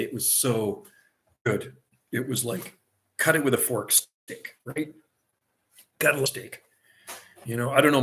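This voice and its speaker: A man's voice: medium pitch, a bit bright, a little hiss or hum. A middle-aged man chatting casually on a livestream from a seaside vacation home, rambling and laughing often.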